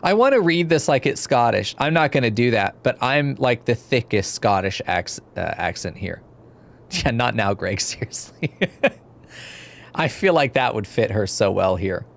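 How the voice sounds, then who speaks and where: Male streamer, casual game commentary, laughs a lot, swears, lively pitch swings. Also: a little slow, vocal fry. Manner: laughs often, swears freely. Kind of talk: casual let's-play commentary.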